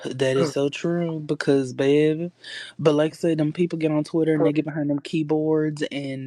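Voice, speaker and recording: A man's voice: on the high side, flat delivery, moderate pace, mellow, no echo. A man hosting a casual live stream, chatting and answering comments from his viewers. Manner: chatty, reads and answers chat comments aloud. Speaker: livestream host.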